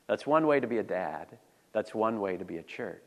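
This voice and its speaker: A man's voice: on the low side, expressive, normal speed. A man preaching a sermon to his congregation in a conversational style, asking his listeners questions as he goes. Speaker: pastor. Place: church sanctuary. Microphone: handheld or stand mic. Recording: long reverb of a church hall.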